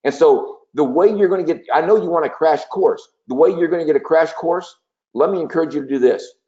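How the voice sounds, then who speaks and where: A man's voice: fairly high pitch, brisk, mellow. Male sales trainer, persuasive coaching tone, muffled webinar sound. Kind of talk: webinar training talk with role-play. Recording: dull lo-fi webinar audio.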